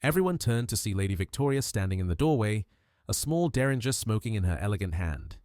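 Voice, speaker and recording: A man reading a mystery audiobook with measured, dramatic storytelling. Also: lowish voice, lively intonation, darkish tone, dry recording, clean studio sound. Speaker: narrator. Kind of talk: scripted audiobook narration of a mystery.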